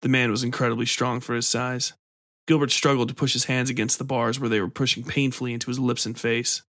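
A man reading a story aloud in measured, scripted narration. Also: medium pitch, flat delivery, fairly bright tone, no room sound, clean studio sound.

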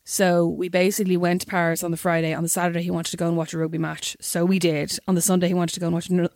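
A young Irish woman telling a story in casual chat, animated and swearing freely. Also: on the low side, racing, no room sound, studio quality. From Ireland.

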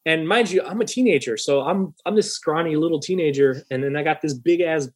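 Animated, profane storytelling guy. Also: fairly high pitch, a little fast, breathy edge. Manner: animated, profane, acts out quoted voices. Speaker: podcast host. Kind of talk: casual storytelling chat.

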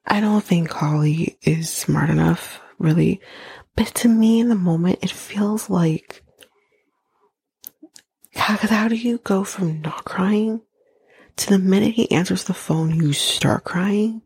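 Husky gravelly lady podcaster, slow and blunt, snarky, drops to a whisper a lot. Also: fairly low pitch, a little mellow, no room sound. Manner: blunt, sarcastic, swears freely, often drops to a breathy near-whisper. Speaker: podcast host recapping a reality show. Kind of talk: casual recap monologue.

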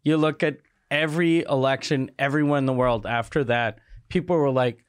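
A man's voice: mid-range voice, steady tone, moderate pace, smooth, no room sound, clean studio sound. A man from City, co-hosting a podcast in blunt, joking casual chat. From Quebec City. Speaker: podcast co-host and comedian.

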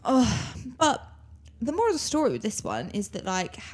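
A woman's voice: a little high, moderate pace, husky. A young woman co-hosting a podcast, telling a story and acting out quotes in casual chat. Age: young adult. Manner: animated storyteller, acts out quotes. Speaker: podcast co-host.

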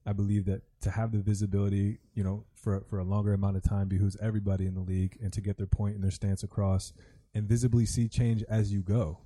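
A man's voice: lowish voice, little pitch movement, fast talker, hardly any pauses, dark tone, husky. A man, a former basketball player, talking casually and earnestly about basketball on a sports talk show.

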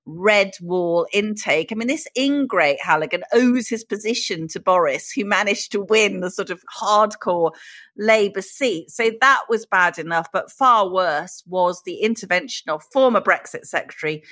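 A British woman co-hosting a political podcast, speaking in a lively, arch and teasing way. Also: medium pitch, moderate pace, no room sound. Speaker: podcast co-host.

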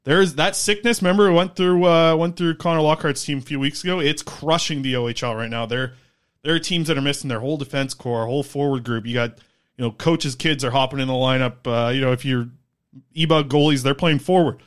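A man talking quickly in a casual podcast chat, his pitch sitting mid-range for a man. He rambles through hockey notes with plenty of "like" and "you know", keeping a loose, conversational flow. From Canada. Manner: rambling, filler-heavy delivery. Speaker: podcast co-host.

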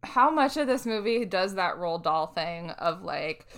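Low-voiced woman co-hosting a film chat. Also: expressive, fairly bright tone. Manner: thoughtful, slow and hedging with "like". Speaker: podcast co-host. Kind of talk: casual film-discussion chat.

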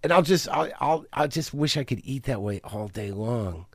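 A man's voice: medium pitch, lively intonation, normal speed, dry recording, clean studio sound. A middle-aged man hosting a podcast, talking in a manic, rambling, profane confessional monologue. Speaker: podcast host.

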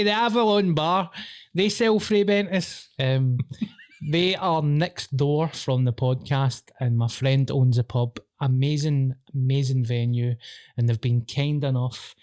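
Glaswegian male podcast host, sweary and animated, dry close sound. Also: medium pitch, unhurried, no echo. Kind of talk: casual chat.

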